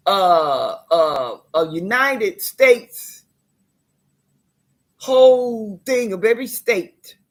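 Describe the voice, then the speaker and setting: Gravelly, husky woman, fiery and preachy. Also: fairly low pitch. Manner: fiery and preachy, addresses viewers as y'all; drops to a whisper at times. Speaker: tenant speaking out. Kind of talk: impassioned direct-to-camera appeal.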